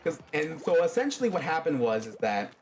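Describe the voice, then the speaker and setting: A man's voice: on the high side, big pitch swings, a little fast, darkish tone, soft background music. A man casually telling a fan story on a stream, rambling along with many fillers.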